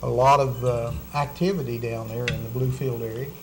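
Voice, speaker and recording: A man co-hosting a dinner show, talking in a relaxed, halting way with fillers and repeats. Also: mid-range voice, noisy background. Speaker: cooking show co-host. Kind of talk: casual chat over dinner.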